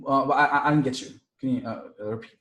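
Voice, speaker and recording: A man's voice: mid-range voice, fast, fairly bright tone, echoey room, low-quality recording. A man teaching an online singing lesson over a video call, chatty and forever checking in with "right?". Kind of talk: casual online music lesson.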